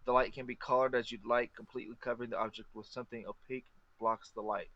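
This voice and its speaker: A man's voice: medium pitch, level tone, fast talker, fairly bright tone, lo-fi sound. A man playing a tabletop game, reading out his spell and stumbling over his words. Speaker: player. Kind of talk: casual tabletop play.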